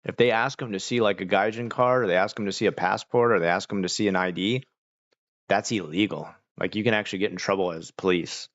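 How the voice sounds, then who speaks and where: An Australian man streaming, telling stories in a loose, rambling way, full of "like" and quick restarts. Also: low-pitched, fairly even intonation, a bit bright, highs cut off. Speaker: livestreamer. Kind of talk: casual chat.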